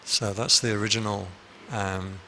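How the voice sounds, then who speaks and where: A man's voice: lowish voice, flat delivery, unhurried, bright, forceful tone, a little hiss or hum. A man, a Buddhist monk, giving a conversational dharma talk full of anecdotes in a meditation hall. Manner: conversational, anecdotal, with frequent restarts.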